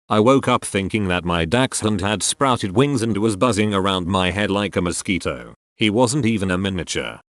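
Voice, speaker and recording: A man's voice: fairly low pitch, dry recording, studio quality. A man reading forum stories aloud as the channel's narrator, reading out stray punctuation and usernames.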